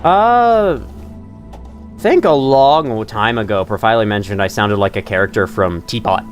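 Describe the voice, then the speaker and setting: A man's voice: fairly low pitch, animated, measured pace, soft background music. A man streaming a game live, chatting casually, laughing often and poking fun at himself. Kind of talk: live gameplay commentary.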